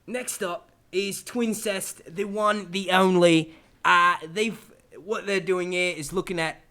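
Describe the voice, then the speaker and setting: Rowdy crude commentator guy a dude puts on, loud and hesitant, cracks jokes about pictures. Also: high-pitched, steady tone, pitched above the performer's own voice, exaggerated voice. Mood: mocking. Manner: crude, joking, halting.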